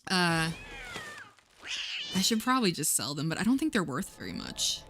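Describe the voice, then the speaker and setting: A woman's voice: fairly low pitch, huge pitch swings, normal speed, background noise. A woman in her twenties rambling and giggling through a casual chat stream, swearing freely. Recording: clear music in background.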